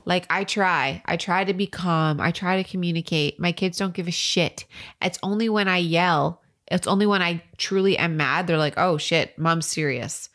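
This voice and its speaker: A woman's voice: on the low side, normal speed, fairly bright tone. A woman co-hosting a podcast, chatting casually about parenting, laughing often and swearing freely. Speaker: podcast co-host. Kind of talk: casual chat.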